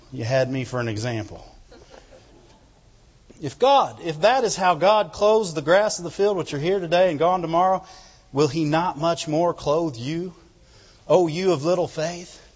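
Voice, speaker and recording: A man's voice: on the high side, husky. A man preaching a sermon as pastor, fervently calling out "Amen?" to the congregation. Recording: reverberant hall, dull lo-fi sound.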